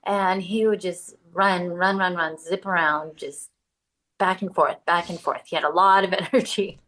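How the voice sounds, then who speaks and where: Soft-spoken halting woman guest. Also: on the low side, fairly even intonation, poor audio. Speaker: guest, bereaved mother. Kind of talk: casual interview.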